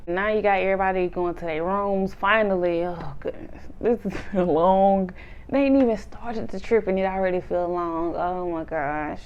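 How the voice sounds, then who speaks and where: A woman casually recapping a reality show episode, laughing often and acting out the cast's lines in animated voices. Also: fairly low pitch, moderate pace, clean tone, dull audio.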